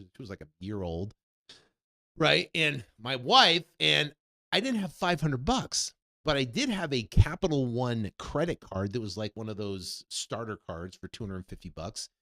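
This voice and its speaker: A man in his fifties, a real estate coach, telling a personal story and acting out the dialogue with lively energy. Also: fairly low pitch. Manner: animated storyteller who acts out quoted dialogue. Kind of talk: personal story told to an audience.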